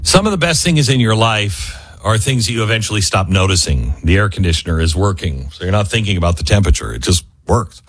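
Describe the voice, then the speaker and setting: A man with a very low, husky voice reads his own promos and ads in a loose, conversational way. He stumbles and fills gaps with ums as he talks. The recording is dry and close. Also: expressive, a bit bright, dry recording. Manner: conversational, halting with fillers. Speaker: radio host reading ads. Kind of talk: host-read promo and ad.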